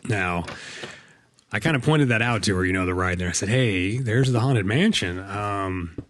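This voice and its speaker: Low-voiced man rambling through a story. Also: moderate pace. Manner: rambling, lots of fillers and restarts. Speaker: Minecraft let's play host. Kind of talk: casual storytelling while gaming.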